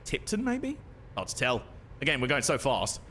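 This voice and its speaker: A man's voice: medium pitch, wildly swooping pitch, moderate pace, sharp tone, a little hiss or hum. A young man casually commentating his own gameplay on a stream, chatty and self-mocking, laughing often.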